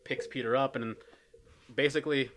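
A man's voice: medium pitch, steady tone, normal speed, a bit bright, slight background noise. Laid-back, profane podcast co-host guy. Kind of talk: casual chat recapping a film.

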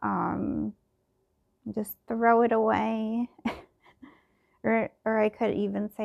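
A woman's voice: medium pitch, flat delivery, slow, gravelly, long pauses, darkish tone, highs cut off. A middle-aged woman thinking aloud in a casual personal podcast, meandering and full of fillers and restarts.

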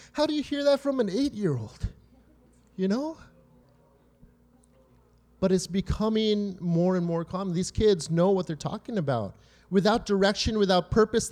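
A man's voice: sits high, darkish tone. A man preaching a conversational sermon, often checking in with "right?" and "you know?" and drawing on his own family stories. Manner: tells personal family stories to make points.

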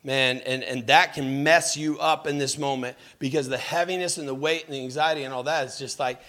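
A man's voice: mid-range voice, fairly even intonation, brisk, bright, forceful tone. A man preaching a sermon as a pastor. He tells stories about himself, asks his listeners direct questions and jumps into mocking voices.

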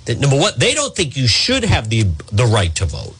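A man's voice: wildly swooping pitch, fairly quick, a bit bright. A man hosting a talk radio show, delivering an opinionated monologue in a sarcastic, mocking way. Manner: sarcastic, mocks voices in a high put-on tone.

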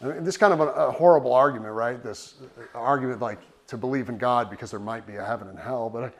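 A man's voice: medium pitch, quick pace. A middle-aged man preaching a sermon, telling stories in a conversational, earnest way. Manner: conversational storytelling, animated and earnest. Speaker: pastor.

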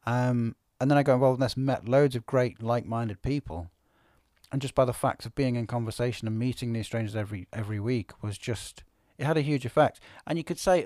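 Animated man, dry podcast chat. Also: mid-range voice, brisk, no echo. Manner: animated storyteller, acts out quotes. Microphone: studio podcast microphone.

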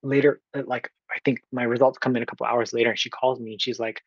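This podcast guest, a man in his twenties from Oakland, California, earnestly tells his own story, acting out others' lines and using many fillers. His medium-pitched, slightly rough voice is flat and fast with hardly any pauses, on a lo-fi recording with no echo.

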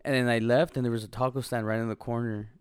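A young man telling a profane, animated story in casual podcast chat, often laughing as he talks. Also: medium pitch, fast talker, clean tone. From Los Angeles. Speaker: podcast co-host.

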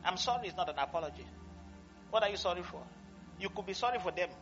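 A male pastor preaching a sermon, swinging between loud exclamations and quiet conversational asides, laughing often. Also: high voice, fast, highs cut off, loud music behind the voice. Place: church service.

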